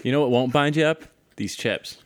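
A man co-hosting a casual chat, making dry, deadpan jokes. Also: mid-range voice, normal speed, clear, resonant tone, no room sound. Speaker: podcast co-host.

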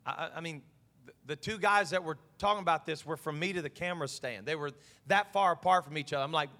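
Bright and pushed, a little high, and fast-talking, this pastor gives an evening sermon. He pleads and presses his points, often checking that his listeners follow him, as a large hall's long reverb trails his words.

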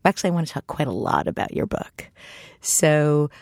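A woman's voice: sits low, very animated, normal speed, vocal fry, a little mellow, no echo, clean studio sound. A woman hosting an interview, asking questions in an inquisitive manner and laughing easily. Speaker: podcast host. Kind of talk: interviewing a guest.

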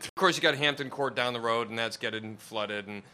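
A man's voice: medium pitch, brisk, bright, forceful tone. A man on a comedy panel, rambling and swearing freely as he riffs. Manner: profane, rambling, acts out quoted voices.

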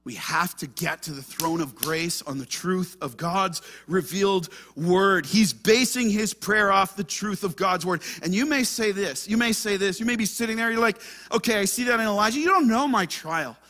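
A man preaching a sermon as pastor, moving between hushed asides and fervent, raised passages. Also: high voice, normal speed, few pauses. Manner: impassioned preaching, swings between hushed and loud.

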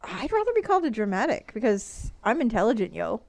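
High-voiced giggly woman co-host. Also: big pitch swings, brisk, gravelly, darkish tone. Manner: giggly, rambling. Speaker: podcast co-host. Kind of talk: casual chat.

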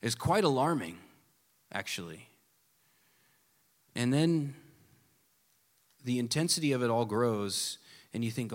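A pastor preaching a sermon with earnest emphasis that drops at times to a hushed, soft delivery. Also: male voice, mid-range voice, lively intonation, slow pace, long pauses. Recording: long reverb of a large hall.

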